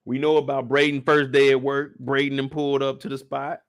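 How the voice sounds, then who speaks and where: A man hosting a casual, joking recap of a TV episode, animated and profane. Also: medium pitch, a little fast, no echo, studio quality. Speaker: YouTube show recap host. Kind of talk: casual comedic commentary.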